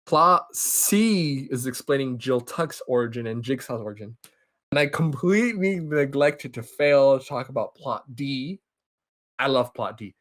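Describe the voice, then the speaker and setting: Animated young man recapping on a podcast. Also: mid-range voice. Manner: animated, acts out characters' lines in quick impressions. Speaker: podcast host.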